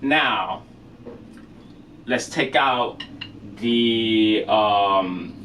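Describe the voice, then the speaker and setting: A man giving a casual drum lesson, relaxed and chatty, with many fillers and frequent checks of "okay?". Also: on the low side, very slow. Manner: relaxed, filler-heavy, says "okay?" often. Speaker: drum teacher. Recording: distant mic with faint noise.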